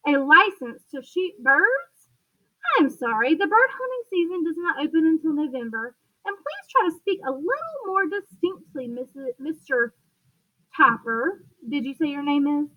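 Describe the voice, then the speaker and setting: A woman's voice: sits high, sing-song, normal speed, lo-fi sound. A woman reading aloud, voicing a polite but muddled city hall clerk on the telephone who keeps mishearing.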